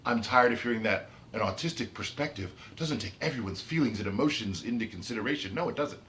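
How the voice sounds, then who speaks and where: Speaking quickly and animatedly at a medium pitch, this man has a fairly bright tone, and there's a little hiss or hum. As an autistic vlogger, he rants unscripted to camera about his autism, emphatic and heated, with repeated and restarted phrases.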